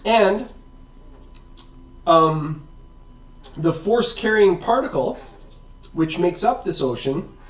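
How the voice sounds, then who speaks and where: A man's voice: high-pitched, animated, slow, pauses often. A man giving a casual, rambling science explanation, often checking in with "right?" and "okay?". The sound is roomy and comes from away from the mic. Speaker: science video host. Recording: roomy echo, far from the mic.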